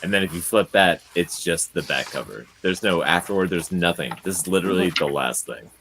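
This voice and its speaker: A deep-voiced man chatting as a podcast guest with a dry, joking manner. Low as his voice sits, his pitch moves in a lively way. Faint noise sits behind him. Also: a little fast. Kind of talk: casual chat.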